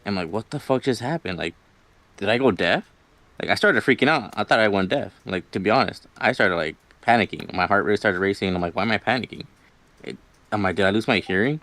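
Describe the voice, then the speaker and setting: A man's voice: fairly low pitch, brisk, a bit bright, dry recording. Rambling man telling a spooky story. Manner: rambling, lots of "like" and "you know", quotes himself. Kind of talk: casual spoken storytelling.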